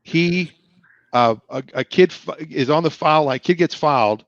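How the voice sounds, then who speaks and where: A man's voice: on the high side, unhurried, no echo. A middle-aged man hosting a casual livestream chat over a video call. He rambles through stories and acts out other people's lines. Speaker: livestream show host. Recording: dull, lo-fi, dry sound.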